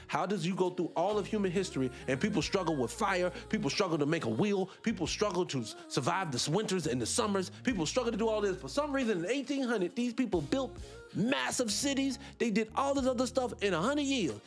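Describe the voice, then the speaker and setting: High-voiced man ranting on radio. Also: brisk, faint music behind. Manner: animated, rhetorical, preachy, repeats points. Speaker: radio show host. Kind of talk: opinionated solo radio talk.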